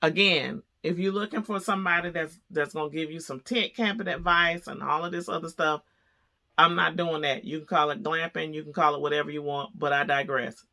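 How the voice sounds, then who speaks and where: A woman vlogger telling a story to camera, chatty and animated, laughing as she goes. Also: low voice, a little fast.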